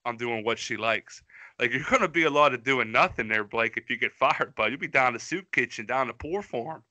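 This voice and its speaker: A man's voice: mid-range voice, lively intonation, brisk, pushed and bright, no room sound. A man co-hosting a podcast in casual chat, mocking songs with a profane, rambling manner. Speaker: podcast co-host.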